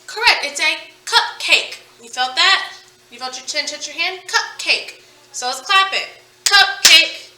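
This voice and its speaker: A woman teaching a phonics lesson to children, sounding out words slowly and with emphasis. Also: high-pitched, lively intonation, pushed and bright, recorded from a distance. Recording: echoey room, voice from off-mic.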